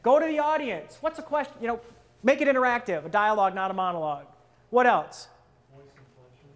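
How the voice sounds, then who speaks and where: Man quizzing a workshop audience. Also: brisk. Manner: interactive, quizzes the audience with questions; acts out listeners' inner thoughts in a lower voice. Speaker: presentation skills trainer. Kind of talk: live workshop talk to an audience.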